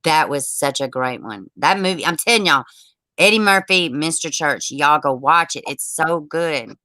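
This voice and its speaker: A woman's voice: low voice, moderate pace, no room sound. A woman hosting a casual livestream chat, laughing and talking to her viewers as she reads the comments. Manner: laughing, animated, talks to viewers as y'all. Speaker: host.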